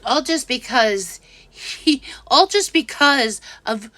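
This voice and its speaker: A woman casually telling a story in a vlog, halting and restarting often, growing exasperated as she goes. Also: high voice, expressive, bright, forceful tone, dry recording. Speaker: vlogger.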